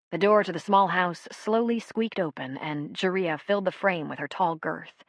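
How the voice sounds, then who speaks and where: A woman narrating an audiobook with steady, even storytelling. Her voice sits low. The recording is close and dry, with no room sound. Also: normal speed, few pauses, dry recording.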